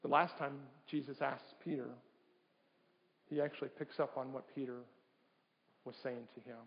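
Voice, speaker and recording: A man's voice: medium pitch, fairly even intonation, moderate pace, creaky. A man preaching a sermon as a pastor, often putting questions to his congregation. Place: church sanctuary. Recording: dull livestream audio in a reverberant church.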